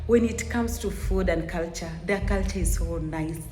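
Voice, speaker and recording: A woman with a low, mellow voice hosts a reaction video and comments earnestly, repeating her praise. The room is echoey, with faint music playing behind her. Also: moderate pace.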